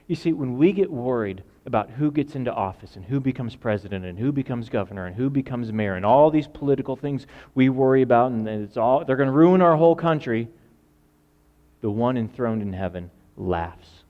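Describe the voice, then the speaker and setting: A man's voice: medium pitch, animated, a little fast, muffled recording. Man preaching with dramatic swings. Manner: dramatic, acts out quoted voices, swings from loud to quiet. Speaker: pastor. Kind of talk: sermon.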